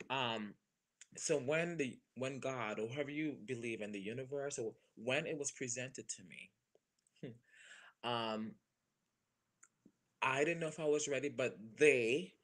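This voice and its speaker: Young Caribbean-born man, bright voice, expressive guest chat with sudden high-pitched bursts. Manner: expressive, playful, jumps into high exclamations. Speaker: guest performer. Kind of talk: animated casual talk.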